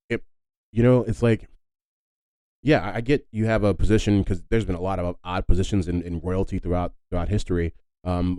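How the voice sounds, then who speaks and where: A very deep, mellow-voiced man talks through a solo podcast in a loose, rambling way, full of fillers and "if you will." He drops in wry, joking asides. The sound is close and dry. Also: no room sound, poor audio. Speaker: podcast host. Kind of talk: casual solo podcast talk.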